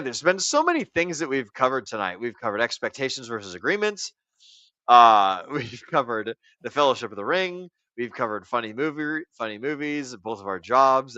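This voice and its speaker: A young man hosts a loose late-night stream, voice bright and forward. The sound is dry and close to the mic, with no room around it. He rambles, swears freely and keeps laughing. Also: medium pitch, big pitch swings, moderate pace, dry recording, dull audio. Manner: rambling, profane, laughing often. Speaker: stream host.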